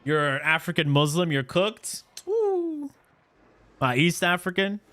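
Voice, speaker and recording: Bright-voiced man telling a story. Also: fairly high pitch, moderate pace, clean tone. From Canada. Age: 30s. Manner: animated, slangy, profane, repeats "right?". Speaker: streamer. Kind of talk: casual storytelling to chat.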